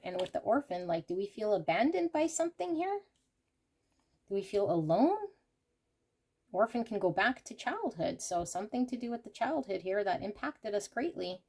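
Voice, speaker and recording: An emphatic woman reads tarot cards for her viewers, slipping into passionate rants and checking in with a frequent "okay". Her voice sits at an ordinary middle pitch, and she keeps talking straight through her thoughts. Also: expressive, a little mellow. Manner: emphatic, ranting, rapid asides; frequent fillers like "okay" and "here". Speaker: tarot reader. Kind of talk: intuitive tarot reading to camera.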